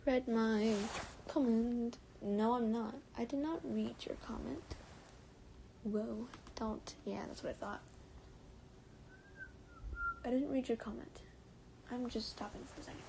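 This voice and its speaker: A young American woman reading fan fiction aloud on a livestream, stumbling over words, giggling and dropping into soft whispers. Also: fairly high pitch, fairly even intonation, unhurried, creaky, long pauses, noisy background. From United States. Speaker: streamer.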